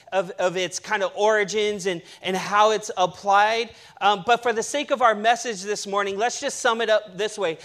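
Male pastor, high voice, emphatic preaching, playful asides, church sermon. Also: a bit bright.

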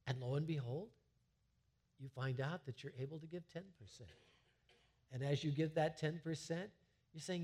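Male pastor, middle-aged, higher voice; conversational sermon, animated, restarts often. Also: unhurried, long pauses. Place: church sanctuary.

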